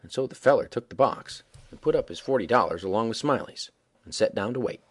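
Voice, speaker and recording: A man reading a story aloud as a folksy, animated yarn-spinning narrator with a husky voice. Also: medium pitch, brisk. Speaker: audiobook reader.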